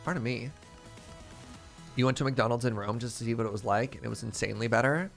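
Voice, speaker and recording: A man's voice: medium pitch, quick pace, vocal fry, soft background music. A man chatting casually on a live stream while gaming, answering chat questions, telling stories and laughing often. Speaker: streamer playing a modded block-building game.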